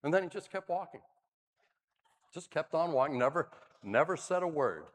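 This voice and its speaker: A man's voice: fairly high pitch, moderate pace, long reverb tail. An older man, a pastor, preaching a sermon, telling stories with dry humor. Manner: animated storyteller, dry humor. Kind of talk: sermon with storytelling.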